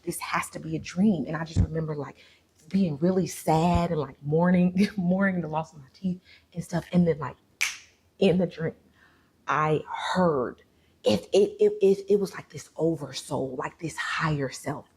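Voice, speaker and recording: A woman vlogger telling a story to her viewers in a chatty, animated way, full of fillers. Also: low voice, measured pace.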